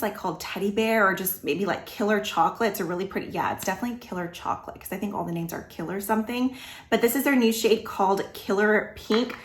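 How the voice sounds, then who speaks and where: Chatty woman beauty vlogger, slightly hoarse. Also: mid-range voice, a bit bright. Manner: chatty, with frequent "like" fillers. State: slightly losing her voice. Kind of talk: casual makeup tutorial chat.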